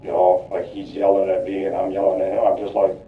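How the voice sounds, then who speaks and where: A man's voice: deep voice, completely flat delivery, fast, a little hiss or hum. A man under police questioning, rambling and repeating himself as he talks through what happened, full of "you know, like". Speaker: murder suspect under questioning. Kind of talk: rambling account in a police interrogation. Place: police interrogation room. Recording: echoey, distant, lo-fi interrogation room.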